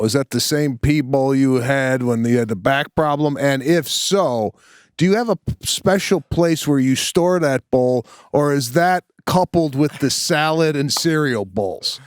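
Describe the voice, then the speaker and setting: Man, podcast co-host, teasing, deadpan questions, mid pitch, dry close sound. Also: measured pace, smooth, dry recording. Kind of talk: casual comedic chat.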